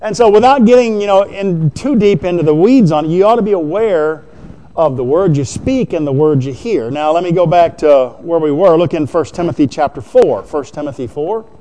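A man preaching from the pulpit with a somewhat raised pitch. He keeps it conversational, asking the congregation questions as he goes. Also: expressive, moderate pace, warm tone. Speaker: pastor. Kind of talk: sermon.

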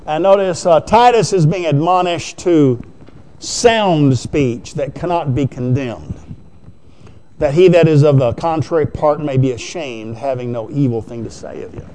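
Casting note: male pastor mid-sermon, slightly higher voice, chatty delivery full of questions to the room. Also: a little slow, warm tone. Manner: conversational preaching, asks the congregation questions.

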